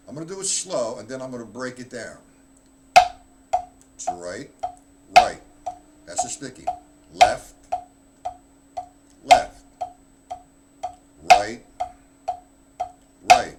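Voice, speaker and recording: A man's voice: mid-range voice, expressive, a little slow, long pauses, loud music behind the voice. Blunt man teaching drum rudiments. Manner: blunt, offhand, counts stickings aloud. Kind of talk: live online drum lesson.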